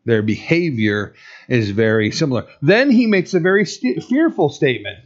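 A man's voice: mid-range voice, big pitch swings, normal speed, muffled recording. A male pastor giving a conversational, emphatic sermon with rhetorical questions to the congregation.

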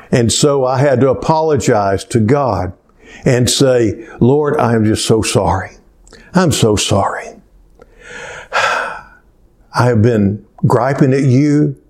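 An older man preaching a sermon in a slow, earnest storytelling way, pausing often with "uh" fillers. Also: mid-range voice, darkish tone. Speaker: pastor.

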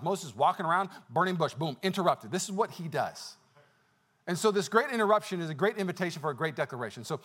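A male pastor preaching a sermon, telling personal stories with energetic exclamations and a conversational, filler-heavy delivery. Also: a little high. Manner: conversational with many fillers and restarts.

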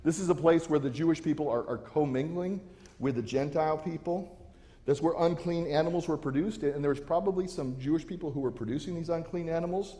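A man's voice: fairly high pitch, a little fast, mellow, big-room sound. A pastor preaching a sermon to his church, earnest and given to restarting his phrases. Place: church sanctuary.

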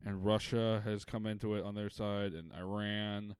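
A man's voice: on the low side, flat delivery, moderate pace, a little mellow, clear, resonant tone, dry recording, studio quality. A man co-hosting a podcast, telling stories animatedly in casual chat, swearing and laughing. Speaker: podcast co-host.

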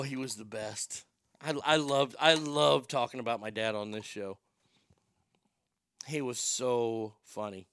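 A man's voice: medium pitch, fairly bright tone, clean tone, no room sound, clean studio sound. A man hosting a podcast, riffing crude jokes in casual comedic chat. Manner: profane, joking, riffing on the news. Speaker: podcast host.

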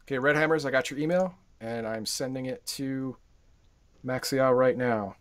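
A man's voice: mid-range voice, normal speed. A man co-hosting a live stream, chatting and bantering in an easygoing, agreeable way. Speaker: stream co-host. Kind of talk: casual live-stream chat.

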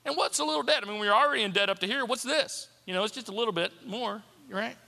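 A preacher doing a wheedling tempter, high and bright, gravelly edge, long hall echo. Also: male voice, quick pace, exaggerated voice. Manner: wheedling, persuasive, dismissive. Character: coaxing smooth-talking tempter voice, male adult.

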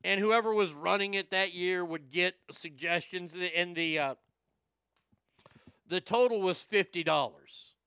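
Man, rambling profane storyteller, bright clear voice, a bit of vocal fry, dry close mic. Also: sits high, measured pace, no room sound. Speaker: comedian telling stories to a live chat. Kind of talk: storytelling stream chat.

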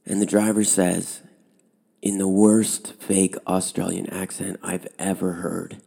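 A man who runs a high school outdoor program tells a personal story in a relaxed, conversational way with fillers. He speaks slowly, his voice creaky with a breathy edge.

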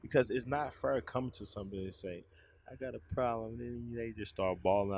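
A man's voice: medium pitch, brisk, darkish tone. A man, sharing his opinions frankly in a casual conversation. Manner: frank, opinionated, explains his view at length.

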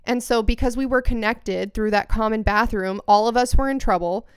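Smooth-voiced young woman telling stories. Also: a little high, moderate pace, dry recording, clean studio sound. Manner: rambling storyteller, swears casually. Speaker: podcast co-host. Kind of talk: casual chat.

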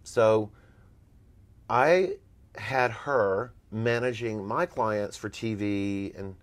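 A former talent agent, appearing as an interview guest, speaks very slowly in a fairly low voice. He's an animated storyteller, telling blunt, emphatic stories.

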